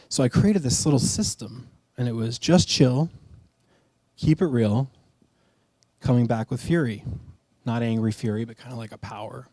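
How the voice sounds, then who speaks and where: A middle-aged man shares his own story at a live storytelling night, talking in a candid, conversational way and often making fun of himself. His voice is warm and mellow, and the sound is close and dry. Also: mid-range voice, normal speed, pauses often, dry recording. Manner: candid, conversational, self-deprecating. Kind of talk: personal storytelling talk.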